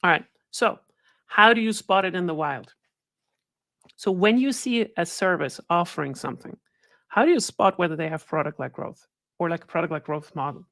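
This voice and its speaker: A woman's voice: fairly low pitch, normal speed, a bit bright, dry recording, studio quality. A woman giving a conversational webinar talk as guest speaker, often checking in with her listeners by asking "right?". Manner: conversational, keeps adding "right?" tag questions. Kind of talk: webinar presentation.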